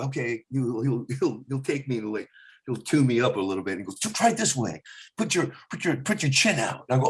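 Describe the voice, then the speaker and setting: Speaking in a medium-pitched voice, this male stand-up rambles through an animated story. He frequently starts his sentences over and briefly imitates celebrities along the way.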